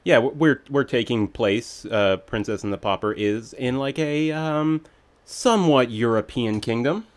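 Here the co-host sounds smooth and medium-pitched, speaking at a measured pace with few pauses. He dissects a film in a relaxed, wry review chat, critical and full of meandering asides.

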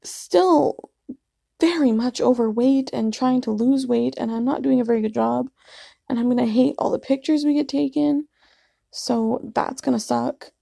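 A woman's voice: high-pitched, measured pace, vocal fry, warm tone, dry recording, clean studio sound. A woman in her twenties casually telling rambling, self-deprecating stories to camera, with plenty of fillers. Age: 20s. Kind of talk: casual vlog storytelling.

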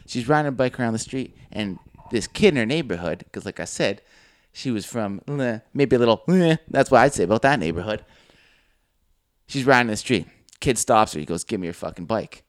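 A young man co-hosting a casual podcast, telling an animated story and swearing freely. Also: medium pitch, a little fast, no echo, clean studio sound. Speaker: podcast co-host.

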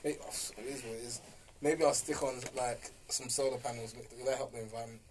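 A man's voice: medium pitch, fairly even intonation, darkish tone, a little hiss or hum. A young man, co-hosting a casual, argumentative podcast chat full of slang and jokes. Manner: fast, argumentative, jokey with slang. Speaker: podcast co-host.

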